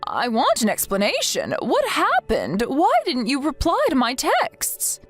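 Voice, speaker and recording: A woman's voice: sits high, huge pitch swings, measured pace, heavily acted. A woman voicing a stern, protective older grandmother who reads out text messages in a firm, reproachful way. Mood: worried. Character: stern, protective grandmother scolding her son. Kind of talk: text-message story read aloud. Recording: soft music behind the voice.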